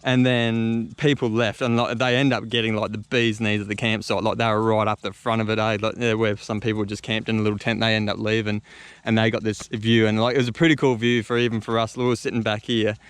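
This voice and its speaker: Fast-talking Australian man telling a story. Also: lowish voice, level tone, fairly bright tone, clear, resonant tone, no room sound. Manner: rambling, lots of fillers and slang. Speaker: travel vlogger. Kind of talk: casual storytelling.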